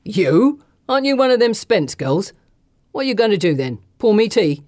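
Woman doing a gruff sneering bully. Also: medium pitch, big pitch swings, normal speed, a little mellow, no room sound, clean studio sound, natural voice. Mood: sneering menace. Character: brutish coarse middle-aged male bully.

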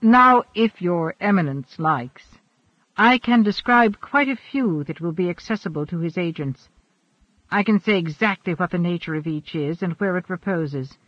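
Ageless immortal man, earnest and formal, high-voiced, read by a male narrator, dry dull recording. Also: animated, normal speed, no room sound.

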